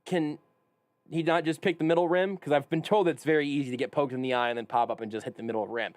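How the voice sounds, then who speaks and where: A man hosting a sports talk radio show, leading the banter with wry, animated jokes. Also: fairly high pitch, quick pace, dry recording. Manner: animated, wry, leads the conversation.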